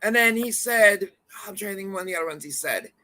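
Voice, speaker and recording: A woman's voice: mid-range voice, quick pace, bright, forceful tone, rough recording. A woman co-hosting a live stream in casual chat, explaining place names.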